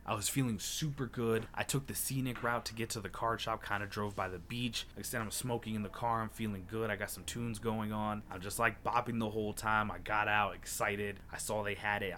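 A man's voice: fairly low pitch, fairly bright tone, slight background noise. A young man telling a heated, profane story in a casual podcast chat, acting out his own angry retorts. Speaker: podcast co-host.

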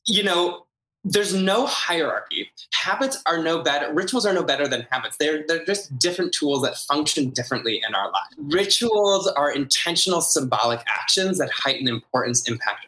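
A man's voice: fairly high pitch, lively intonation, normal speed, sharp tone. A man being interviewed as a guest expert, explaining his ideas earnestly and repeating words for emphasis. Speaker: guest, ritual designer. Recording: roomy echo.

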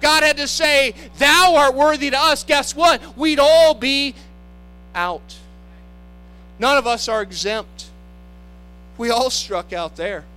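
A man's voice: extremely high pitch, takes it slowly, pauses often, bright, forceful tone, clear, resonant tone, faint music behind, rough recording. A man preaching a sermon, impassioned, acting out the voices he quotes.

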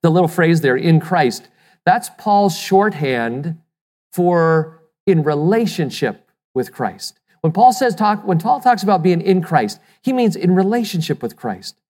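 A pastor delivers a sermon in a middle-pitched voice, pressing points home with rhetorical questions and the odd repeated word. The sound rings with the long reverb of a large hall. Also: very animated, a little slow, a little mellow. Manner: emphatic, asks the listeners rhetorical questions; repeats words when restarting.

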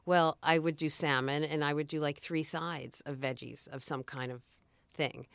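A woman's voice: low-pitched, steady tone, moderate pace, vocal fry, clean tone, no echo. A middle-aged woman food blogger on a podcast, chatting in an easygoing, thoughtful way with frequent restarts. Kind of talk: casual chat.

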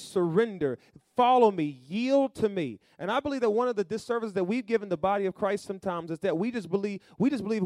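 A male pastor preaching a sermon, calling to the congregation and rising to loud emphatic bursts. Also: high voice, dry recording, clean studio sound.

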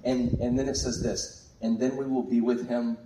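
A man preaching a sermon with exuberant, animated delivery. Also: mid-range voice, normal speed, noisy background. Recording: echoey room from far off.

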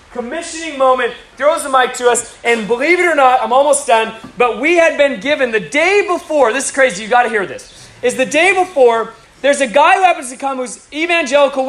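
A man preaching a sermon as a story, animated and building to excitement. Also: extremely high pitch, echoey room.

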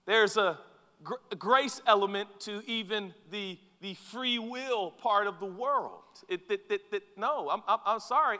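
A man preaching a sermon in an animated, conversational manner, tossing asides to his listeners. His voice sits high and bright, with lively swings in pitch. A long hall reverb follows him. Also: a little slow. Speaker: pastor.

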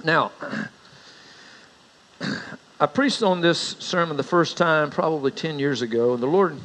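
A middle-aged pastor preaches a sermon in a low-quality recording, his somewhat bright voice a little slow. He's a folksy storyteller, rising in pitch for his anecdotes.

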